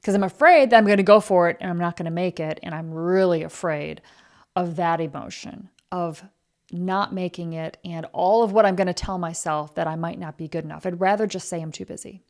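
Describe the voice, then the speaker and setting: Gravelly-voiced woman giving blunt pep talk. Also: lowish voice, a little fast, darkish tone. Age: adult, married. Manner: blunt, emphatic, acts out whiny excuses. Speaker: podcast host. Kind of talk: motivational podcast monologue.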